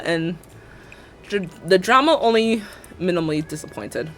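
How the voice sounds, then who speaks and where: A woman's voice: lowish voice, big pitch swings, normal speed, gravelly, faint music behind. A woman streamer chatting casually while building in a game, rambling, joking and laughing often.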